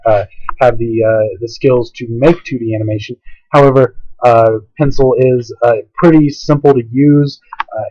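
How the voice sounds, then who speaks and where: A man casually explaining software in a tutorial, rambling with many fillers, recorded at home on a laptop. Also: mid-range voice, no room sound, lo-fi sound. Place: home, by a window. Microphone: laptop mic.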